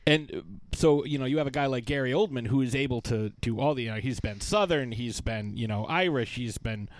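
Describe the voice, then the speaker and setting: A man's voice: mid-range voice, a little fast, no echo. A man co-hosting a podcast in casual chat, rambling and searching for his words. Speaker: podcast co-host.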